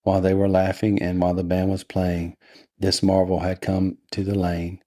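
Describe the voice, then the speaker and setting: A man reading a story aloud in a deliberately dull, unhurried way for bedtime listening. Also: low-pitched, no room sound, studio quality. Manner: flat, unhurried, monotonous. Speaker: podcast host and reader.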